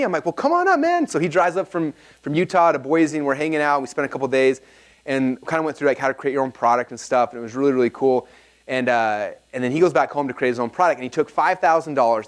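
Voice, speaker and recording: A man leading a live workshop seminar, telling stories energetically and checking in with his audience. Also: medium pitch. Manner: energetic, animated storyteller, often checks in with the audience. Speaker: workshop speaker. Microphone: filmed talk.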